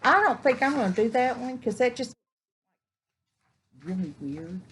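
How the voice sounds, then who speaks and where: A woman's voice: a little high, animated, measured pace, a little hiss or hum. A woman, chatting casually while unboxing crafts at home, gushing and exclaiming over each find. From Texas. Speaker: vlogger. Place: home indoors, evening.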